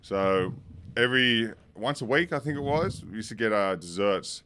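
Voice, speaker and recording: An Australian man on a podcast as a guest, telling stories in casual chat, swearing freely and getting loud and laughing as a story builds, recorded in a pub. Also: lowish voice, animated, normal speed, a little hiss or hum.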